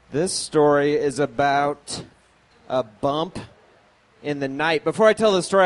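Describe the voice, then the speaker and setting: A man telling a self-deprecating true story on stage at a live show, swearing often and laughing as he talks. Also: mid-range voice. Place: small live venue with audience.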